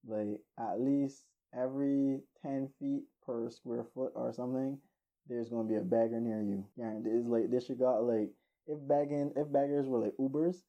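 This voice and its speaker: A man telling a rambling, animated story casually, laughing now and then, in a dull lo-fi recording. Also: medium pitch, normal speed.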